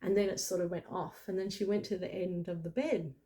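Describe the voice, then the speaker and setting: Middle-aged lady rambling through a story, lots of "like" and "you know", warm voice. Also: lowish voice, steady tone, a little fast. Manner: chatty, full of "like" and "you know". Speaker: spiritual channel host. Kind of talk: casual personal storytelling.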